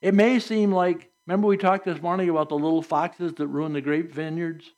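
A man with a somewhat high voice preaches a sermon in an earnest, emphatic way. He reads scripture aloud and presses his points home to the congregation. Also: level tone, a little fast, a little mellow.

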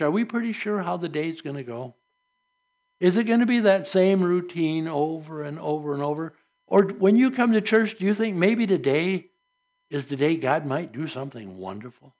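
A man preaching a sermon to his congregation, his voice sitting a little high. He talks in an earnest, conversational way and leans on rhetorical questions to draw people in. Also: a little mellow. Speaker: pastor.

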